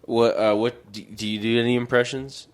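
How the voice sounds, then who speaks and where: A man's voice: medium pitch, steady tone, normal speed. A young man hosting a podcast, joking and playful, with frequent bursts of laughter. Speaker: podcast host. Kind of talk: casual podcast chat.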